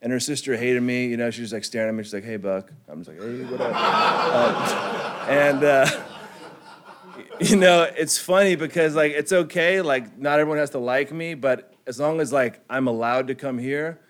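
A young man from California tells his own story to a group in a relaxed, slangy way. He fills his talk with "like" and "you know" and chuckles often. His voice sits at an ordinary pitch for a man. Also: normal speed, background noise. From California, United States. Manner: laid-back slangy storytelling, heavy on "like", chuckling. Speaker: recovery speaker sharing his story. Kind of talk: personal testimony to a group.

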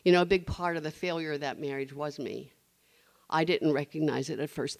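Expressive woman sharing her recovery story. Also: extremely low pitch, brisk, gravelly, no room sound. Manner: expressive storyteller, acting out quoted voices, laughing often. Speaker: recovery meeting speaker. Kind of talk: personal testimony to a group.

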